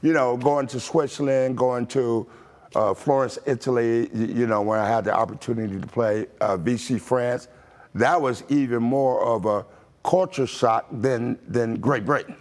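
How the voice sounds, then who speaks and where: An older American man spins stories from his playing days at an easy, relaxed pace. He chuckles often and fills his speech with "you know" and restarts. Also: medium pitch, normal speed. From Toledo, Ohio, USA. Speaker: former pro basketball player, guest. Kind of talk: casual interview storytelling.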